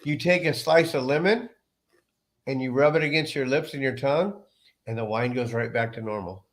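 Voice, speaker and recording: A man's voice: medium pitch, normal speed. A man leading a casual wine tasting chat, explaining things patiently and telling small stories. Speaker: wine presenter.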